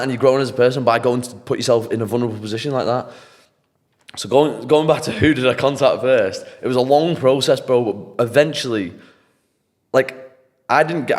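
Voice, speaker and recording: A young man from England, a podcast guest, telling a story in an animated, casual, slangy way and swearing freely. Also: mid-range voice. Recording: long hall reverb.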